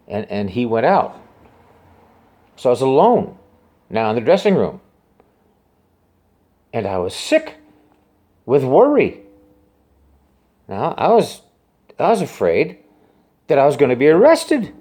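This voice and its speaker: A man tells a personal story straight to camera, circling back and repeating himself as he goes. His pitch swings widely, from low, hushed asides to high, urgent bursts. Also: big pitch swings. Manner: rambling, halting, repeats himself. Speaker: musician telling a personal story.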